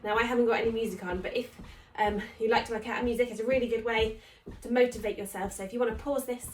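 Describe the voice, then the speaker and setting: Her voice is on the high side and steady, and she talks fast while guiding a home workout, counting reps and encouraging listeners as she becomes breathless. A faint hiss or hum and an echoey room come through, with her voice at a distance from the mic.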